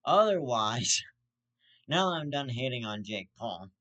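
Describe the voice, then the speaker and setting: A man's voice: very animated, slow, a bit bright, lo-fi sound. Swearing man ranting as a vlog host. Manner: swears constantly, jumps in pitch when outraged. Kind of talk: profane vlog rant.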